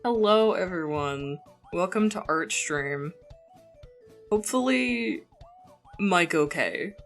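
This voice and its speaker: A woman's voice: on the low side, lively intonation, slow. A young woman streamer chatting casually into a borrowed mic at home, rambling and laughing often. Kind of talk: casual live-stream chat. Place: home room. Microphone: borrowed desk mic. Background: faint background music.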